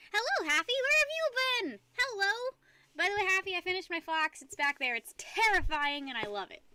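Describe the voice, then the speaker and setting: A woman's voice: sits high, sharp tone, dry recording. A young woman streaming from home, chatting casually with viewers in a rambling, giggly way and greeting chat often. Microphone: desk microphone.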